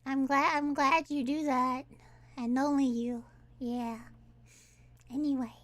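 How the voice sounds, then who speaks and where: A woman's voice: high voice, steady tone, takes it slowly. A woman streamer in casual live-stream chat, rambling and giggling, often restarting her sentences.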